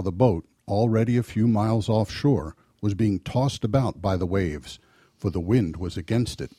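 Husky man reading scripture solemnly. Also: lowish voice, mellow, no room sound, clean studio sound. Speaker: scripture reader. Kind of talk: Gospel reading.

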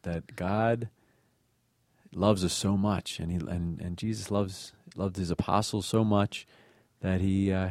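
A man talks casually about a scripture passage, often restarting and repeating phrases. His voice is very low and mellow, and the recording is close and dry. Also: dry recording. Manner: warm, rambling, many restarts. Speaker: reflection participant. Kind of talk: casual faith reflection.

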